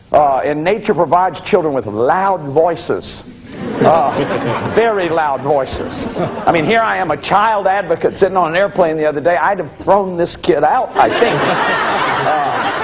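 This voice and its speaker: A man's voice: on the high side, slight background noise. An older man giving a lecture to an audience, folksy and anecdotal with self-deprecating humor. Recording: dull lo-fi broadcast recording.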